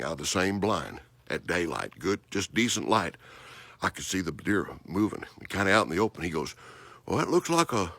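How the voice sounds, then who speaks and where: Animated low-voiced male hunting host. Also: gravelly, no echo. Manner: animated, emphatic storyteller with frequent restarts. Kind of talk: storytelling monologue.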